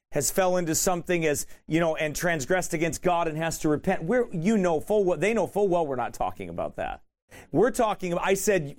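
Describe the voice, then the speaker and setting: A man preaching a sermon, retelling an encounter in a colloquial, emphatic way and repeating key points. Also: fairly high pitch. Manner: animated, colloquial, emphatic repetition.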